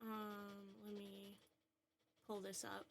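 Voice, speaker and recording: A woman chatting casually on a livestream from home, talking softly and cooingly to her dog between remarks, into a desk microphone. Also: mid-range voice, completely flat delivery, takes it slowly, vocal fry, slight background noise. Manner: soft, cooing talk soothing her dog. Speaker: streamer. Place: at home indoors.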